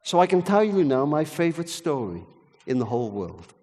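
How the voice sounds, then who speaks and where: A man preaching at a church service, an expressive storyteller with a high voice that leaps lively up and down. His voice rings with the long reverb of a large ballroom. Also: a little fast. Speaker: guest preacher. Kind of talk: sermon with storytelling.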